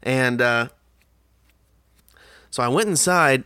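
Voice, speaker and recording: A man's voice: mid-range voice, slow pace, bright, forceful tone, smooth, no room sound, clean studio sound. A young man with a casual, profane and exasperated manner, telling a story in a podcast monologue. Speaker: podcast host.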